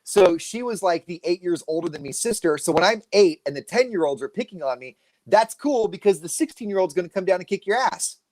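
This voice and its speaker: Man in his forties, live-stream co-host, lively swooping delivery. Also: brisk, few pauses, no room sound. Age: 40s. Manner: animated storytelling, lively pitch. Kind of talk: casual live-stream chat.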